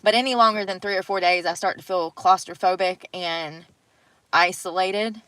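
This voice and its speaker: A woman's voice: fairly low pitch, moderate pace, fairly bright tone, no echo, poor audio. A young woman chatting casually to viewers on a live stream from outdoors in the snow, swearing freely as she talks. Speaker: livestreamer.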